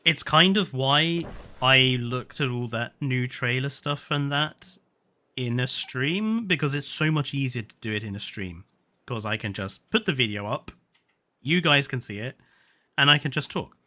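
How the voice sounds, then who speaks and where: Young male streamer, bright tone, loose chatty delivery, tired. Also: medium pitch, expressive, a little slow. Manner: chatty, laughs often, stumbles over names. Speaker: gaming streamer. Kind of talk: casual live-stream chat.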